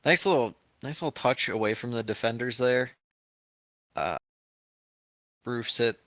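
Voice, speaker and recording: A man co-hosts a football podcast, trading jokes and chatty banter while he recaps matches. His voice is smooth and resonant at a middle pitch. It is recorded close and dry. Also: measured pace, fairly bright tone, dry recording. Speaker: podcast co-host.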